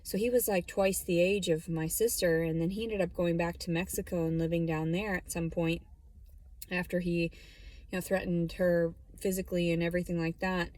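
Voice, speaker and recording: A woman's voice: lowish voice, flat delivery, normal speed, darkish tone, dry recording. A woman vlogging from her parked car, talking bluntly and rambling, with plenty of swearing. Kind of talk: casual vlog monologue. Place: parked car in a store lot.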